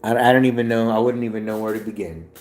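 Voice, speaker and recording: A man's voice: on the low side, steady tone, fast, a little mellow, echoey room. A man livestreaming, chatting loosely with viewers in a rambling, swearing way. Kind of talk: casual chat with viewers.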